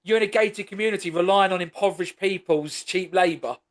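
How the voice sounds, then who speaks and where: A man's voice: high-pitched, brisk. A man hosting a podcast, chatting loosely and rambling, swearing casually as he talks. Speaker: podcast host.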